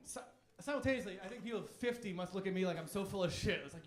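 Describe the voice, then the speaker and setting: Man in his thirties, stand-up comic, high voice, cocky and crude, echoey club room. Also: racing. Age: 30s. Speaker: stand-up comedian. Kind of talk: stand-up routine. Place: comedy club stage.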